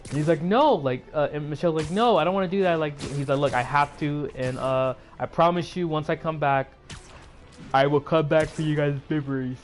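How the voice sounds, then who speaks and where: A man's voice: on the high side, steady tone, normal speed, soft background music. A man casually recapping a movie for his channel, rambling with many fillers, sleepy and yawning, with a sore throat. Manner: rambling, filler-heavy retelling. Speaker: YouTuber.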